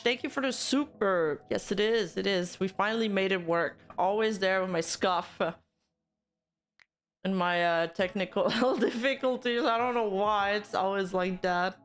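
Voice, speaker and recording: A woman's voice: mid-range voice, fairly bright tone. A woman VTuber streamer talking to her chat live, heated and swearing as she rants. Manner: heated, swearing, talks fast in bursts. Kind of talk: live stream commentary rant.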